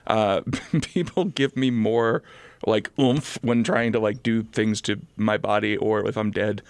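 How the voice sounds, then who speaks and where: A man co-hosting a podcast in casual chat, relaxed and quick to laugh along. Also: on the low side, clean tone, dry recording. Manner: laid-back, laughs along, improviser. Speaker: podcast co-host.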